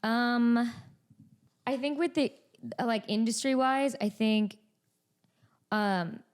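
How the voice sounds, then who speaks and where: A woman's voice: on the high side, slow, clear, resonant tone. A woman in her twenties, chatting casually as a podcast guest, full of "like" and "um". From United States. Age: 20s. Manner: chatty, many fillers like "like" and "um". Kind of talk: casual interview chat.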